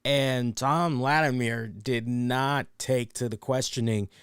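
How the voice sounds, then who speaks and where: A man's voice: mid-range voice, steady tone, slow, a bit bright, clean tone, dry recording, clean studio sound. A man hosting a casual solo wrestling review, rambling enthusiastically, repeating words and acting out quotes.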